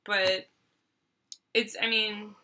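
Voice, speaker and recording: A young woman hosting a casual board game review, chatty and quick to giggle. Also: medium pitch, level tone, bright, forceful tone. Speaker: host.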